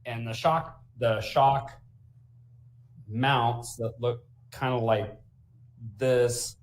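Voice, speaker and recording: Brief: man in his forties, laid-back late-night banter, unhurried delivery, quick to laugh. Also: mid-range voice, fairly even intonation. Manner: loose, joking, laughs often. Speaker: guest co-host. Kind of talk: casual late-night chat.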